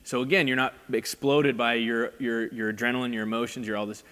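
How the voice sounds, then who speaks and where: A man's voice: mid-range voice, little pitch movement, fairly quick, fairly bright tone, clear, resonant tone. A man talking casually as a guest, retelling advice he got about handling nerves. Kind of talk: casual conversation. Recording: long hall reverb.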